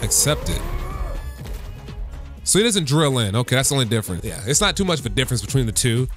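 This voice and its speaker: Lively, excitable young man reacting to games. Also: medium pitch, racing, faint music behind. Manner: excitable, slangy, bursts into loud hype. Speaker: gaming YouTuber. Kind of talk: casual gaming reaction commentary.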